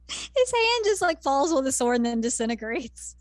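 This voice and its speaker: Woman, podcast co-host, high voice, wry teasing asides, casual, dry close mic. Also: dry recording. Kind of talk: casual anime recap chat.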